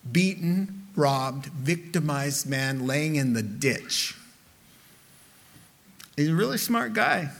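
A middle-aged male pastor preaching a sermon with a bright, fairly high voice. He speaks slowly and deliberately. He turns animated as he acts out the people he quotes.

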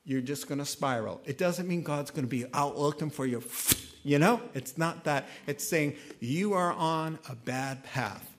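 A man preaching a sermon in a conversational style, animated and then suddenly quiet. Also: on the high side, a little slow, slight background noise. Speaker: pastor.

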